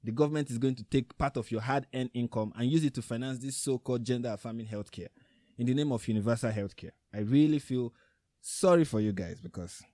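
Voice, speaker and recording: A man's voice: mid-range voice, mellow, no room sound, clean studio sound. A Nigerian man with a Nigerian accent hosting a reaction video, commenting on clips in a sarcastic, mocking way.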